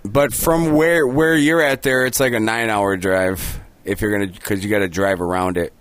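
A man's voice: fairly low pitch, normal speed. A man co-hosting a podcast, trading crude jokes in loose comedic banter. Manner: crude, joking, lively delivery. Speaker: podcast co-host.

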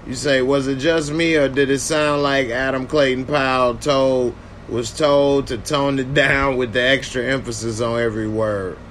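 A man's voice: mid-range voice, steady tone, moderate pace, few pauses, fairly bright tone, slight background noise. A man casually reviewing a TV episode and answering viewer comments in a loose, conversational way. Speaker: TV show reviewer. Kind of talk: casual reaction video commentary.

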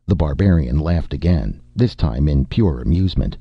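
Very deep gravelly male narrator. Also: normal speed, few pauses, no room sound. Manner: dramatic, lively storytelling. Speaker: audiobook narrator. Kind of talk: scripted narration. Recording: dull lo-fi recording.

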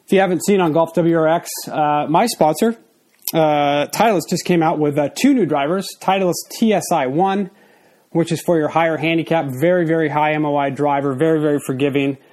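A man in his forties, with a slightly high, darkish voice, talks a little fast on his casual solo podcast. Somewhat out of breath, he rambles loosely, stumbling through fillers and restarts.

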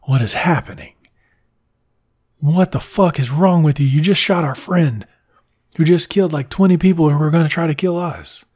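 A man doing an outraged young male spy who shouts frantic, cursing complaints. The voice is husky and a bit breathy. It sounds like his everyday voice turned up loud and high. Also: a little slow.

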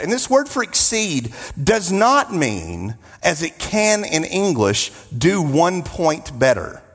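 A man preaching a sermon, emphatic, with drawn-out repetitions and joking asides. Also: high voice, a bit bright, big-room sound.

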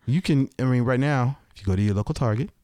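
A man co-hosting a podcast, talking in a halting way with frequent restarts in casual chat about a game. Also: mid-range voice, mellow, no echo. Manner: halting, hesitant, many restarts and fillers. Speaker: podcast co-host.

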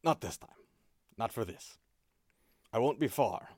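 A man's voice: medium pitch, animated, measured pace, darkish tone, no echo. A man voicing a secretive, sardonic male spymaster who talks in dry, long-winded warnings. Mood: explaining.

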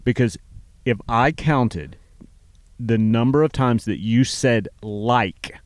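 A man's voice: medium pitch, slow pace, dry recording. A man co-hosting a radio show, joking and teasing his co-host in a casual way, recorded in a mobile studio. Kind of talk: casual banter.

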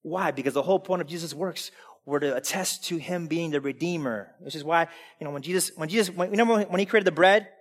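A man preaching a sermon as pastor, emphatic, swinging between loud preaching and quiet asides. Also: on the high side, fast talker. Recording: long hall reverb.

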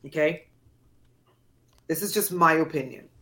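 A woman's voice: low-pitched, a little slow, fairly bright tone. A woman from Trinidad and Tobago, a podcast guest, telling a dramatic personal story with emphatic, acted-out voices. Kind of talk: storytelling in an interview.

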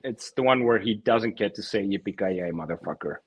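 A man's voice: mid-range voice, fairly even intonation, moderate pace, slightly rough, muffled recording. A man in a casual podcast chat, easygoing, laughing often and swearing casually. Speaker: podcast co-host.

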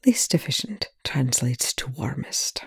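A reader voicing a haunted, distraught male scientist in a soft, low murmur. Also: lively intonation, measured pace, gravelly, slightly rough, no echo, studio quality, full character voice. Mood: whispering. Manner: quiet, low murmuring delivery.

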